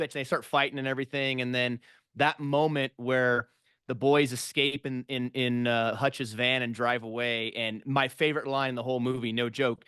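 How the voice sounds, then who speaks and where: A man's voice: mid-range voice, steady tone, moderate pace, a bit bright, clean tone, no room sound. Enthusiastic podcast host, man, dry sound. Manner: enthusiastic fan, rambling long setups before questions. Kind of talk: casual interview.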